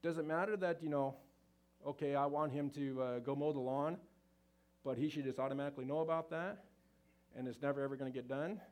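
Folksy man, average pitch, live seminar talk to couples, loose and chatty with fillers. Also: steady tone, a little fast, darkish tone. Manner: folksy, conversational, with frequent fillers. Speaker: marriage seminar speaker.

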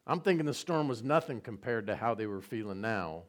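Lively, conversational male preacher. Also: medium pitch, moderate pace, few pauses. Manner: retells scenes with repetition and asides. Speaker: pastor. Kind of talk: conversational sermon.

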